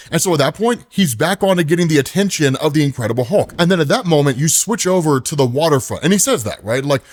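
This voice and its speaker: A man casually retelling a comic book story, animated and laughing often with quick asides. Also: a little high. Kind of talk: casual comic recap narration.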